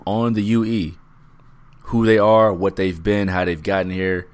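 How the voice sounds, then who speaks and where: A man co-hosting a wrestling podcast has a low-pitched voice with a steady tone. He keeps it casual and profane while stretching his recaps.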